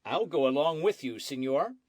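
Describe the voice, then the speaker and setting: A man's voice: a little high, lively intonation, normal speed, a little mellow, no echo, voice pushed up. A man voicing a curt, stubborn army sergeant. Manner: curt, repetitive, matter-of-fact. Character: blunt, stubborn military sergeant.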